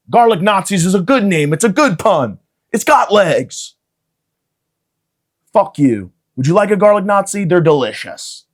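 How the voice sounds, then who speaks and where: A man's voice: fairly high pitch, sing-song, normal speed, long pauses. A young man hosting a podcast, rambling through a crude comedic monologue with jokey asides and bursts of mock outrage. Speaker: podcast host.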